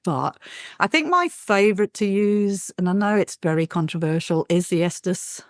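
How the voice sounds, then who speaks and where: A woman paranormal investigator, telling lively anecdotes as a guest, acting out quotes and laughing often. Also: fairly low pitch, normal speed, dry recording, clean studio sound. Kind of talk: animated storytelling in an interview.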